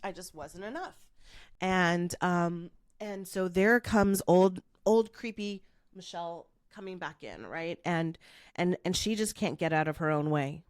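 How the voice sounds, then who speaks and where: A woman podcast host telling a story in a monologue, acting out the quoted dialogue with lively energy. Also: fairly low pitch, smooth, no echo, clean studio sound. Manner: animated, acts out quoted dialogue.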